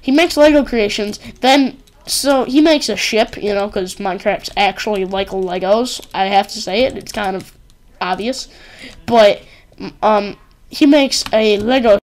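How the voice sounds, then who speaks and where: At a measured pace and medium pitch, a female gaming host offers casual let's-play commentary. She rambles and giggles, filling her talk with "like" and "um."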